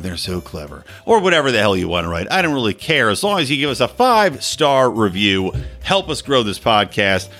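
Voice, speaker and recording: A man co-hosting a podcast, chatting casually and swearing, mocking people by quoting them in high voices. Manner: animated, profane, mocking quotes in high voices. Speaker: podcast co-host. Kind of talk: casual chat.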